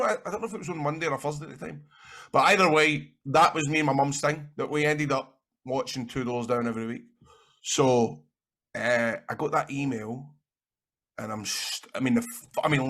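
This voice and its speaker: A man with a Scottish accent, a guest in an interview, telling rambling, animated stories and swearing freely. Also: mid-range voice. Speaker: interview guest, actor and wrestler. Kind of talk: casual anecdotal storytelling.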